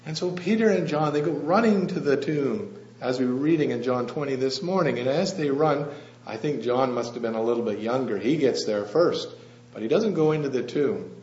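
A man preaching a sermon in a church hall, telling the story gently and asking the congregation questions. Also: mid-range voice, moderate pace. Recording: echoey, slightly dull room with faint hum.

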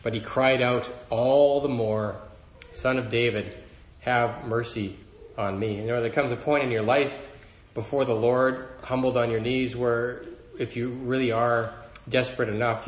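A man delivers a sermon in a church hall, earnest and steady, leaning harder into his words when he quotes scripture. The room rings around his mid-pitched voice, and the sound is a little dull and muffled. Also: moderate pace, hardly any pauses. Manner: earnest, rising in emphasis when quoting scripture. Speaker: preacher.

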